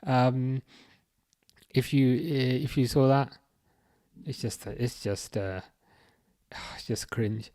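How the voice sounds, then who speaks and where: A man's voice: medium pitch, mellow. Chatty Birmingham man hosting a livestream. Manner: halting, restarts often, chuckles, reads comments aloud. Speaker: livestream host reading chat. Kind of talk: casual livestream chat.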